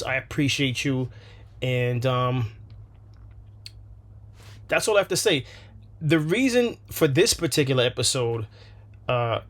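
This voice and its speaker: A man hosting a reaction video, speaking in a measured, deliberate way with hesitant fillers. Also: mid-range voice. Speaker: channel host. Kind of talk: reaction commentary.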